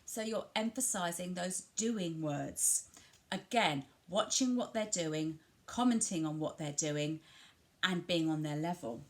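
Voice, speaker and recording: Woman teaching parents early talk play. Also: on the low side. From England. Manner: slow, exaggerated emphasis on key words as she models them; gentle, reassuring instructions to parents. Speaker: family centre early language practitioner. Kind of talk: home activity video lesson for parents. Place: home.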